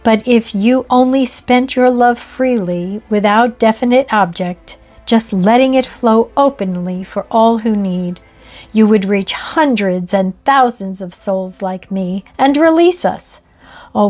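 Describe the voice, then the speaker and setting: A woman voicing a yearning male ghost, speaking in a soft, beseeching, urgent way. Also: medium pitch, natural voice.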